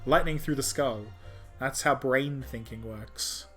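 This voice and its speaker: A man's voice: medium pitch, a little slow, a bit bright, faint music behind. A man streaming a game playthrough, chatting casually and joking in a rambling, self-mocking way.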